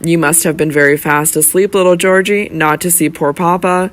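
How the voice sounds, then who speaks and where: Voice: mid-range voice, steady tone, moderate pace, a bit bright, natural voice. A reader doing a grave young barrister. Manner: grave, earnest. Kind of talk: audiobook character reading.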